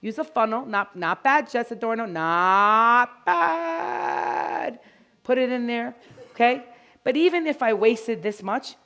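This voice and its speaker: A woman giving a lively, jokey live dog-grooming demonstration to an audience of groomers. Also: on the high side. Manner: energetic, chatty, jokey.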